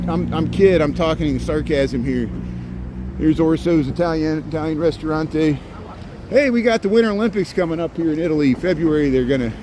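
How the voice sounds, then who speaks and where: A man hosting a rambling livestream walk down a city street, chatting with viewers as he goes. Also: a little high. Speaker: livestream walking tour host. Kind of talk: casual livestream chat while walking. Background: faint street and traffic noise.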